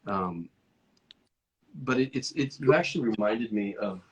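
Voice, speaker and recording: Husky low-voiced guy hosting a video call chat, lively storyteller who slows down to think. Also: highs cut off. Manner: animated storyteller, often stretching out reflective phrases. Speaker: host.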